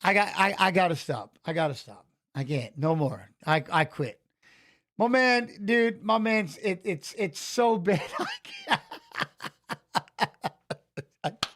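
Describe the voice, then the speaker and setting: A middle-aged man with a fairly high voice chats loosely over a live fight stream. He laughs a lot and trips over his words, then switches to quick, excited coaching calls like a corner man. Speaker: watch-along host, former fighter. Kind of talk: casual live watch-along chat and fight commentary.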